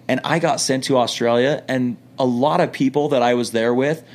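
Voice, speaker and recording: A middle-aged man telling stories in a laid-back, joking way as a podcast guest, with lots of quick restarts. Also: medium pitch, steady tone. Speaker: podcast guest, returned missionary. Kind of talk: casual storytelling.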